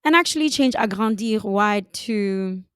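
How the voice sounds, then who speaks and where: A woman giving a calm, step-by-step software design tutorial, talking through each click. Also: medium pitch, a little slow, clear, resonant tone, dry recording, studio quality. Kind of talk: screen-recorded software tutorial.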